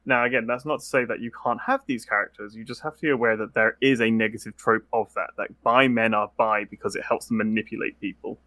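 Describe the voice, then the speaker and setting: A young British man in casual podcast chat, talking quickly and acting out quotes as he explains. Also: lowish voice, dry recording. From Britain. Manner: quick, animated, acts out quotes.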